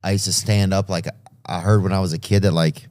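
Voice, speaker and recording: A man hosting in casual chat, cutting in with quick, sympathetic remarks. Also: deep voice, steady tone, a little mellow, dry recording. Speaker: podcast host.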